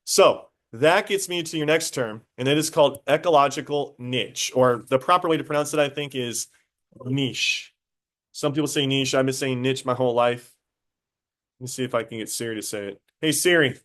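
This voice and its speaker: A man teaching a high school biology class, casual and talkative, stopping to quiz students directly. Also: a little fast, a bit bright. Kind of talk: classroom lecture.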